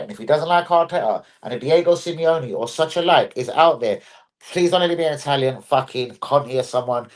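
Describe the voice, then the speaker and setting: A man's voice: medium pitch, darkish tone. A man hosting a live football stream, chatting casually, bluntly and with a lot of swearing.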